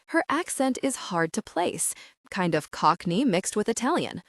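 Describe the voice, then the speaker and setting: A woman narrating a first-person audiobook in an animated, expressive way, with her pitch moving freely. Her voice sits mid-range for a woman. The close studio recording is dry. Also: measured pace, dry recording.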